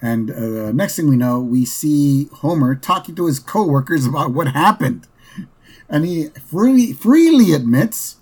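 A man's voice: medium pitch, lively intonation, unhurried, a little mellow, husky. A man hosting a podcast, casually recapping a cartoon episode in a rambling way, with lots of fillers and "right?" asides. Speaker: podcast host.

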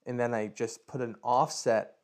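Man, casual podcast chat, jokey, methodical explaining, mid pitch. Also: fairly even intonation, normal speed, a little mellow. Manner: jokey, laughs easily, explains his project step by step. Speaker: podcast co-host.

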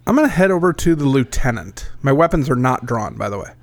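A man's voice: medium pitch, big pitch swings, fast, no echo. A man playing a tabletop game, talking casually and thinking aloud about his moves. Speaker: player.

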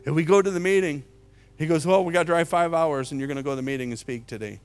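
A middle-aged man preaching a sermon as an evangelist, telling a story with lots of repeated words, jumping from loud to hushed. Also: fairly high pitch, fast, smooth, faint music behind. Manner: repeats words and restarts often.

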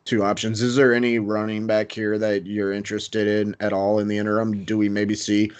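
Man, lowish voice, easygoing football podcast talk, asks questions. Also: monotone, brisk, clear, resonant tone. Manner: easygoing, leads segments with questions. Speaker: fantasy football podcast co-host. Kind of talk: casual sports analysis chat.

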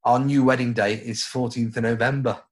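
A man's voice: medium pitch, little pitch movement, normal speed. Chatty man with a Stoke accent. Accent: Stoke-on-Trent English. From Stoke-on-Trent area, England. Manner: chatty, jokey, rambling with restarts. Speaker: radio presenter. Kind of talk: casual chat.

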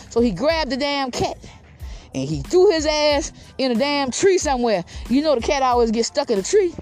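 A woman's voice: high voice, big pitch swings, normal speed, darkish tone, faint music behind. A woman telling a comic animal story in a rambling, profane way, with frequent asides to the listener. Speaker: podcast host.

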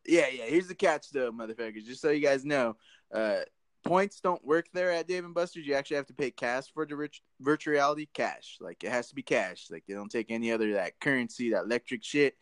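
A man's voice: mid-range voice, fairly quick, no echo. A man co-hosting a podcast, telling casual stories full of swearing and "dude". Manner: profane, laid-back storytelling with lots of "dude". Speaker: podcast co-host.

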